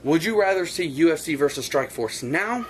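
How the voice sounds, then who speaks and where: A man's voice: on the high side, lively intonation, brisk, a little hiss or hum. A man hosting his own casual opinion vlog, rambling and blunt, with frequent filler phrases. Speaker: online show host.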